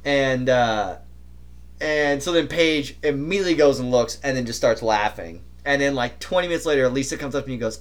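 A young adult man telling stories in casual podcast chat, animated and imitating other people's voices. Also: medium pitch, brisk. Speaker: podcast co-host.

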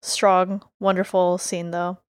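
A woman's voice: lowish voice, little pitch movement, slow, smooth, no room sound. Chatty woman co-host, dry close sound. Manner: chatty, hedging with fillers. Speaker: podcast co-host. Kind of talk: casual recap chat.

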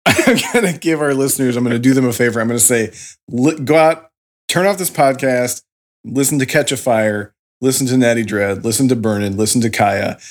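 A man's voice: medium pitch, moderate pace. A man co-hosting a podcast, giving an emphatic opinion in casual chat. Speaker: podcast co-host.

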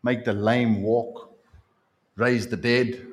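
A man preaching a sermon as pastor, in an animated, conversational way. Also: mid-range voice, a little slow.

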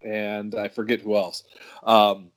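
A man's voice: on the low side, monotone, slow pace. A middle-aged man and professional wrestler telling rambling, profanity-laced road stories in casual podcast chat.

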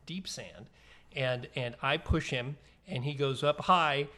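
This middle-aged man's medium-pitched voice is bright and forceful, and he speaks slowly. As a co-host and trivia player on a casual podcast, he winds through a meandering anecdote, correcting and restarting it again and again.

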